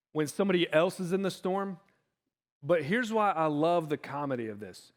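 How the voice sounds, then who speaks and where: A male pastor delivering an animated sermon in church, often acting out the voices of the people he quotes. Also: high voice. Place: church sanctuary.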